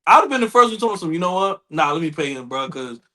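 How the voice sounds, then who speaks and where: A man chats on a podcast with a bright, high voice that jumps around a lot. He laughs often and riffs in loose slang. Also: big pitch swings, fast talker. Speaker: podcast co-host. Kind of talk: casual podcast banter.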